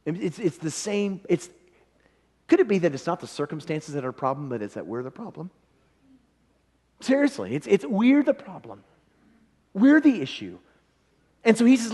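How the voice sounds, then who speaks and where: A man preaching a revival sermon in a church, conversational and animated, often acting out the people in his story. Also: high voice, a little fast. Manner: animated, conversational, acts out quoted voices.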